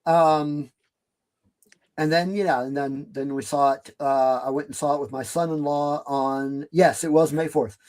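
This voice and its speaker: Slow, hesitant middle-aged man. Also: on the high side, fairly even intonation, darkish tone. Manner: hesitant, many fillers. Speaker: podcast co-host. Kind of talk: casual chat.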